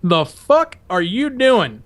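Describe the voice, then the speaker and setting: A man putting on a harsh, profane Marine drill instructor who shouts commands. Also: high voice, very animated, slow pace, pitched above the performer's own voice, full character voice. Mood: barking.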